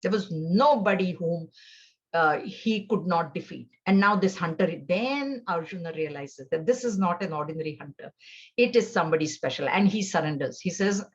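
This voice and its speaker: A woman's voice: on the low side, lively intonation, normal speed. A woman teaching a scripture class, telling stories in a conversational way with fillers and restarts. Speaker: spiritual teacher. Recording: dull lo-fi recording.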